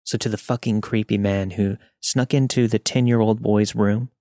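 A man reading scary first-person stories aloud in a steady, even narrator's voice. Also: on the low side, normal speed. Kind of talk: scripted horror story narration.

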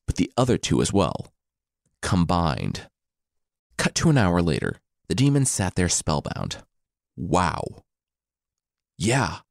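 A male storyteller with a fairly low voice that moves through a lively pitch range. He retells the story with irreverent, sarcastic asides. The recording is dry and close, with no room around it. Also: vocal fry, dry recording.

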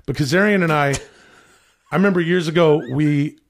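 A man's voice: a little high, normal speed, slight background noise. A man hosting a podcast in casual, joking, profane chat that rambles along. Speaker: podcast host.

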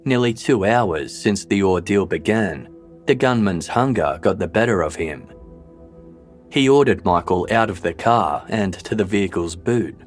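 A man narrating a true-crime story in a measured, scripted way. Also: sits low. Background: faint background music.

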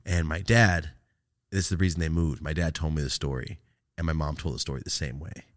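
Low-voiced young man telling stories with swearing. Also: a little fast. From California. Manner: animated storytelling, laughs a lot, cusses constantly. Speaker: podcast host. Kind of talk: casual profane podcast chat.

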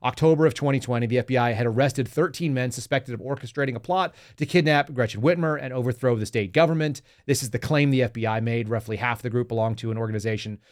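A man's voice: mid-range voice, quick pace, few pauses. A man hosting a political commentary podcast, reading news aloud and reacting with sarcastic, mocking remarks aimed straight at his listeners. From Texas. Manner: talks to the audience directly, reads news aloud. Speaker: podcast host.

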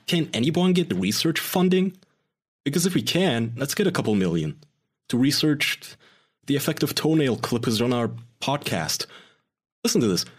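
A man's voice: mid-range voice, animated, normal speed. A man with an ordinary mid-range voice chats as a podcast co-host. He explains things to his friends in a loose, sarcastic way, now and then slipping into mocking quotes. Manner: explains studies, mocks with put-on quotes. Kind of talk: casual group banter.

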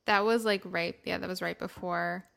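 A young adult woman co-hosting a podcast in casual chat, bubbly and quick to exclaim, who also reads out listener questions. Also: fairly low pitch, gravelly. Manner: bubbly, gasps and exclaims, easily excited. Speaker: podcast co-host.

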